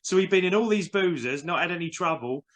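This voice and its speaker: A man's voice: high-pitched, expressive, fast talker, a bit bright. A man on a panel, telling a story in an easygoing, hesitant way. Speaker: panel member. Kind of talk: casual storytelling.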